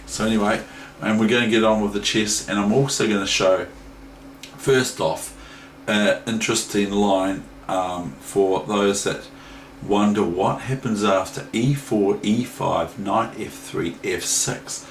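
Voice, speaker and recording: A man with a New Zealand accent rambles through a casual chess lesson, hesitant and unstructured. He speaks slowly in a lowish voice. The room is echoey with faint noise. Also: fairly even intonation. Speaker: chess teacher.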